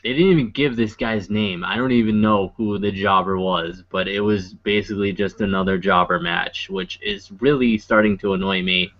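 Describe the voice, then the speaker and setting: A man's voice: fairly low pitch, normal speed, few pauses. A man co-hosting a podcast, recapping a show in casual, rambling chat full of fillers and wry asides. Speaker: podcast co-host. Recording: dull lo-fi podcast audio.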